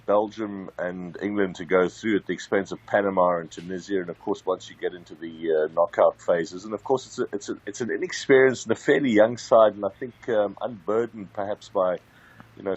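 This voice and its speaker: A man speaking as a football correspondent over a remote line, in a measured, slightly hesitant way. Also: low voice, slightly rough, lo-fi sound. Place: based in Africa.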